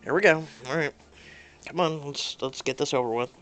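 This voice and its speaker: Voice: mid-range voice, brisk, fairly bright tone. A reader narrating an interactive story game aloud, with sarcastic, exasperated asides.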